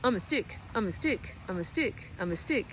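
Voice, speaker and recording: A woman's voice: mid-range voice, lively intonation, brisk, slight background noise, lightly acted, rough recording. A woman voicing a sly snake lying on a trail, chanting sneakily over and over that it is a stick. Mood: sneaky.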